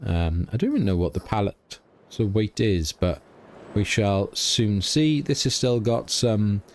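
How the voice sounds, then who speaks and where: A middle-aged man with a slightly low voice narrates his farming game at an unhurried, easygoing pace. He chats casually and thinks aloud, like a let's play host speaking into a desk mic. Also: vocal fry, a little hiss or hum.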